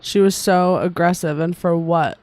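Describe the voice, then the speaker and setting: A man's voice: on the high side, fairly even intonation, normal speed, a little mellow, no room sound. A man co-hosting a podcast in a laid-back way, mostly agreeing in short replies. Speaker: podcast co-host. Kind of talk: casual podcast chat.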